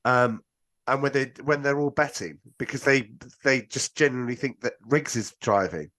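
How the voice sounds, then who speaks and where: A man's voice: medium pitch, moderate pace. Rambling man chatting about a film. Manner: rambling, animated, many restarts and asides. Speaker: podcast guest. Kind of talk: casual film discussion.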